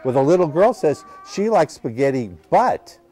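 A man's voice: fairly high pitch, very animated, moderate pace, mellow. A man reading a picture book to children at a library, patiently asking the children questions as he goes. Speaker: library storytime reader.

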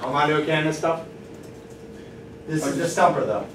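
A man teaching a math lecture, upbeat and encouraging, tossing questions to his students. His voice sits a little high. He sounds distant in an echoing classroom with faint noise behind. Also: fairly even intonation, moderate pace.

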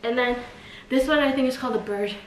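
A woman's voice: high voice, fast. A woman vlogger talking casually while demonstrating a routine, chatty and full of filler words, slightly out of breath. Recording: echoey room, faint noise.

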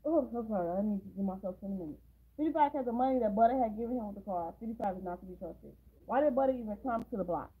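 A woman's voice: mid-range voice, lively intonation, rapid-fire, slightly rough. A woman recapping a movie scene by scene in a casual way, with blunt, sarcastic asides. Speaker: movie reaction host. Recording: tinny phone-like sound.

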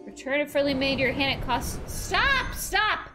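A young woman streaming a card game, excitable and laughing often as she reads card text aloud. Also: sits high, a little fast, over music. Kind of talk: live game commentary.

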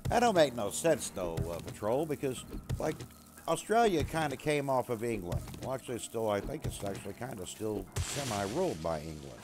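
An American man chatting casually while playing a survival game, talking to his dog and teammates and breaking into loud yelling. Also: fairly low pitch, big pitch swings, normal speed, noisy background. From USA. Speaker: gamer streaming a survival game. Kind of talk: casual gameplay chat.

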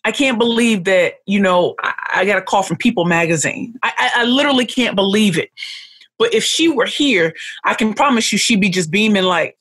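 A woman's voice: mid-range voice, expressive, a little fast, a bit bright, dry recording. A middle-aged woman, emotional and close to tears, tells her life story as a podcast guest. She leans on repetition and stacked phrases to hammer each point home. The sound is dry and close, with no room around her. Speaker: podcast guest, pitch coach.

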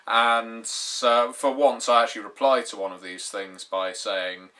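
A man's voice: lowish voice, fairly even intonation, unhurried, bright, forceful tone. Wry British man in his twenties. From Britain. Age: 20s. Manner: dry, sardonic, wry humor. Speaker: YouTube gaming channel host. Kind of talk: casual to-camera talk.

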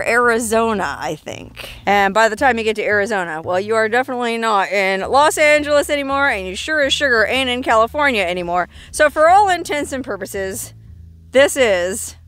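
A woman's voice: a little high, a bit bright, no room sound. A woman hosting a travel vlog outdoors in the desert, telling stories in a playful, theatrical way with dramatic emphasis. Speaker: travel vlogger host.

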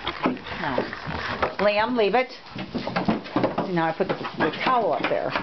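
Woman fostering dogs, sing-songy baby talk, muffled camera audio with loud background noise. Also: medium pitch, very animated, measured pace. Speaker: dog foster caretaker. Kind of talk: casual home video narration. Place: home, in and out of doors. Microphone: handheld camera.

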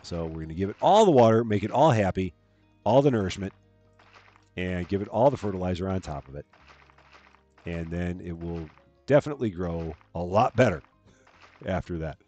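A man hosting a gaming livestream, chatting casually and rambling while he plays, his voice jumping up high and loud when he greets viewers. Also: animated, moderate pace, long pauses, dull audio. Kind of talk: casual gameplay commentary. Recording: dry close mic with faint game music behind.

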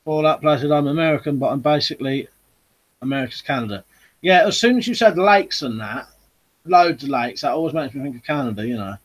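A man's voice: a little high, animated, fairly quick. A man hosting a live chat stream, casually reading out viewer comments and answering them.

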